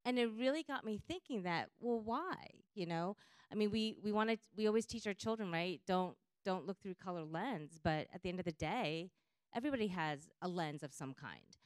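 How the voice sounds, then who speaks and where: A woman from New Jersey with a Jersey accent, speaking on a journalist panel in an animated, emphatic, personal way. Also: on the low side, normal speed, dry recording. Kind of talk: panel discussion.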